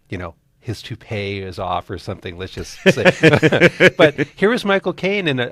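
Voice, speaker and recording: A man's voice: mid-range voice, no echo, clean studio sound. A man co-hosting a movie talk show, chatting enthusiastically and laughing at his own jokes. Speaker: co-host.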